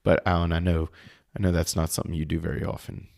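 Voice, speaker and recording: A man's voice: deep voice, little pitch movement, fast talker, creaky, a little mellow. A man co-hosting a podcast, chatting casually over fight footage, thinking aloud with restarts and casual swearing. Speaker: podcast co-host. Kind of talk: casual video commentary chat.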